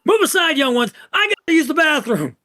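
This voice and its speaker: Brusque portly schoolboy, high and loud, voiced by a man. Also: very animated, brisk, dry recording, heavily acted. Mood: impatient. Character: portly pushy teenage male student.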